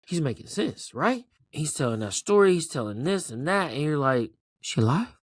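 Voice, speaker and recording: A show host gives an excited, rambling, casual recap of a TV finale on his own show, swearing freely and repeatedly asking "right?" His voice is a little high and moderately paced, in a dry, studio-quality recording.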